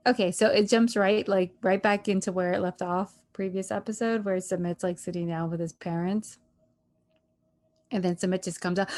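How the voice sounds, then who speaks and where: A woman hosting a casual chat, retelling events in an animated, storytelling way. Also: medium pitch, moderate pace. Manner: animated storyteller, acts out quotes. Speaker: podcast host.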